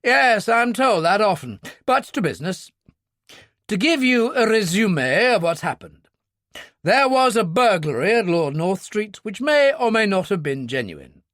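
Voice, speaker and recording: A man doing a brisk, unflappable old brigadier. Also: high voice, dry recording, clean studio sound, pitched above the performer's own voice, heavily acted. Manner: calm, clipped, commanding. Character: brisk older British male brigadier, unflappable.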